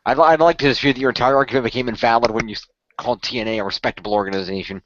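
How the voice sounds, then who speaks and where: A man's voice: medium pitch, steady tone, racing, noisy background. A man co-hosting a casual wrestling chat, arguing his point at length and rambling. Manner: argumentative, rambling. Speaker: podcast co-host. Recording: dull dry lo-fi audio.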